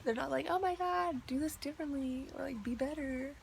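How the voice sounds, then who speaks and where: A woman's voice: high voice, brisk, vocal fry, a little hiss or hum. A young woman ranting in a video diary, chatty and exasperated, with lots of "like". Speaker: vlogger.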